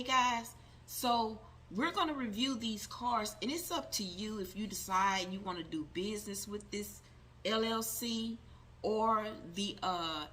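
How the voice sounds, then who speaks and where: Emphatic woman vlogger with a bright voice. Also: a little high, slight background noise. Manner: emphatic, repeats herself, addresses viewers as guys. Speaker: tarot vlogger. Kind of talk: casual product review to camera.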